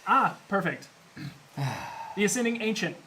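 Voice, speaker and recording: Teasing man with a higher voice. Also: expressive, a little slow, pushed and bright, a little hiss or hum, poor audio. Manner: teasing, jokey. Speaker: co-host reading chat questions. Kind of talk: casual livestream chat.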